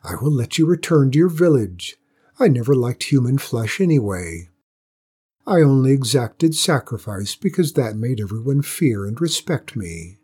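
A man's voice: mid-range voice, big pitch swings, moderate pace, dark tone, breathy edge. A man voicing a fierce but grieving mother dragon, pleading and tearful in a raised voice. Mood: sniffling.

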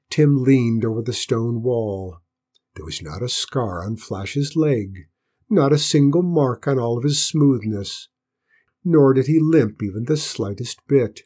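A man gently reading a children's storybook aloud as narrator, slow and unhurried. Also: mid-range voice, husky.

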